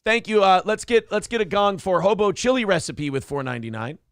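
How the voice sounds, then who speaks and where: Gravelly, excitable male talk show host. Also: sits high, fairly quick, dry recording, clean studio sound. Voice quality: gravelly, excitable, laughs often. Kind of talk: casual live show chat.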